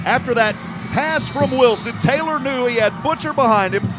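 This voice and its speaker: A man calling a live high school football game play by play, shouting excitedly at big plays. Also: over music. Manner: excited shouting calls, fast and rising. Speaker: play-by-play announcer. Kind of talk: live sports commentary.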